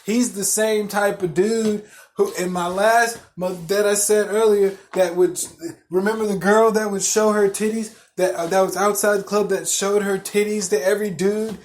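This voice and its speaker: A man hosting a podcast, telling a story as a profane rant, swearing constantly, repeating himself and getting loud and worked up. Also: high-pitched, steady tone, moderate pace. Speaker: podcast host.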